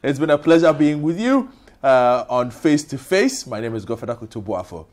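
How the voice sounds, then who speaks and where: A man hosting a TV interview, polite and measured as he questions and thanks his guest. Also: mid-range voice, sing-song, a little mellow. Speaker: TV interview host.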